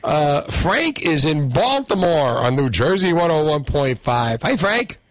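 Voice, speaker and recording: A man's voice: a little high, a little slow, dry recording. A middle-aged man hosting a radio show, talking casually with callers and laughing often. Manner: joking, animated, laughs often.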